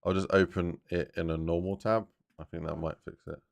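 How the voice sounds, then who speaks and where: A man's voice: sits low, little pitch movement, brisk, creaky. A man chatting casually on a live stream while he builds a game map, thinking aloud and talking to his chat in a rambling way.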